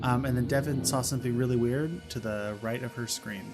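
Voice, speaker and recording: Loud music plays behind a young man with a medium-pitched voice who talks a little fast. Co-hosting a podcast, he chats casually, joking and teasing, with plenty of fillers.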